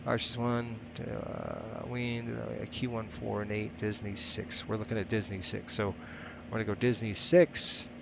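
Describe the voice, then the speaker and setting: A male live-streamer talks his way through each step out loud, sometimes stopping to greet viewers in chat. His voice sits at an ordinary middle pitch for a man. Faint background noise sits under his voice. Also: gravelly. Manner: thinking aloud while setting up, chatting with viewers. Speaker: flight sim streamer.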